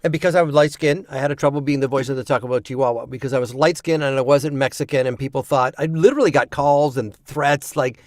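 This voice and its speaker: A man who works as a voice actor, a guest in casual chat, telling lively stories and acting out the people he quotes. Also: mid-range voice, fast, few pauses, dry recording, studio quality.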